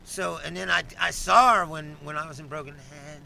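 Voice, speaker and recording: A man's voice: on the high side, fairly even intonation, normal speed, gravelly, bright, forceful tone. A man telling a profane, rambling story in casual chat, acting out the other people's lines. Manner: profane, rambling, acts out quotes. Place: studio.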